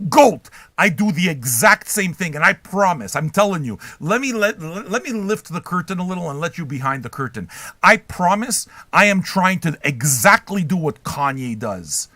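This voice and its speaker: Brash, foul-mouthed older man, lively pitch. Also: no room sound. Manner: brash, trolling, swears constantly. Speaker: livestream host reacting to chat. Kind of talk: profane, rambling livestream chat.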